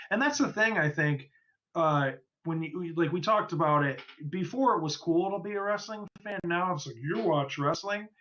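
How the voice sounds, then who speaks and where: A man's voice: on the high side, fairly bright tone, highs cut off. A man co-hosting a casual podcast, telling rambling stories and swearing casually. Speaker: podcast co-host.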